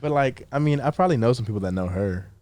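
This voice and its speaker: A young man, an actor and college football player, guesting on a podcast, relaxed, laughing easily and restarting his sentences. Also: medium pitch, quick pace, no echo. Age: young adult. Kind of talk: casual interview chat. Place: inside a truck.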